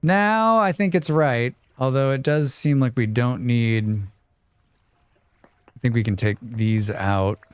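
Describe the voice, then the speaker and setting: A chatty male streamer talks through his survival game in a mid-pitched, smooth voice, reacting to chat and humming between remarks. The sound is close and dry, with little room around it. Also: takes it slowly, no echo. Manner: chatty, reads chat aloud, hums to himself. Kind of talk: casual gaming livestream chat.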